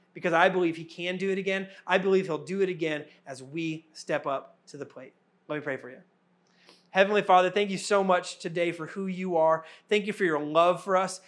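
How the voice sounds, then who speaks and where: A man's voice: sits high, fairly bright tone. A man in his thirties, a pastor, preaching a sermon with earnest, repetitive cadence.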